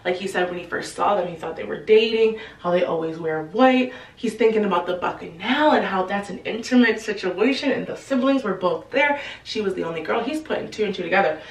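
A woman's voice: mid-range voice, brisk, hardly any pauses, far from the mic. A young woman casually retelling a novel's plot, slipping into slangy quoted lines for each character. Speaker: book recap host. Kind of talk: casual storytelling recap. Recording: echoey room, voice set back from the mic.

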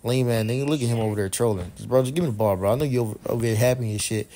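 Speaking very fast in a mellow, mid-range voice, a young man narrates his basketball video game on stream. He trash-talks his teammates, curses, and says the same things over and over in this casual commentary.

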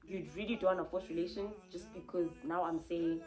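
A woman's voice: lowish voice, steady tone, fairly quick, darkish tone, soft background music. Heartfelt rambling young woman. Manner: rambling, heartfelt, lots of fillers and restarts. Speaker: vlogger. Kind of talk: candid confessional vlog.

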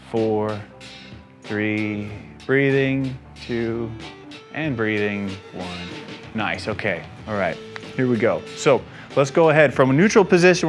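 A man's voice: mid-range voice, a bit bright. Man coaching an exercise class. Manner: encouraging coaching cues, frequent "okay?" check-ins. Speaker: fitness instructor. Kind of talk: guided exercise class instruction.

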